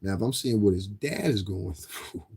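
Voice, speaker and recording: A man's voice: on the low side, expressive, moderate pace, darkish tone, slightly rough. A man livestreaming a casual, rambling, profane rant to viewers, often repeating himself. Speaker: livestreamer asking viewers for donations.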